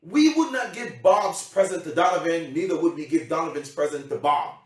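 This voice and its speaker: A man's voice: on the high side, fairly quick. A man giving an emphatic motivational seminar talk as a coach, often repeating himself and checking that his audience understands. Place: seminar room. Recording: heavy echo, from a distance.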